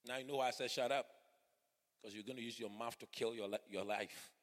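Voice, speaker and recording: A middle-aged man preaching a sermon, swinging from hushed asides to fervent shouting. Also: mid-range voice, steady tone, fast, long reverb tail. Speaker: pastor. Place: church hall.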